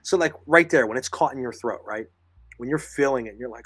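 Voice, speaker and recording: A man's voice: medium pitch, quick pace, no echo. Male podcast co-host, voice fading, emphatic coaching manner, dry close sound. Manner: emphatic, repeats phrases, coaching tone. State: losing his voice. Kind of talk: earnest advice talk, reading listener comments.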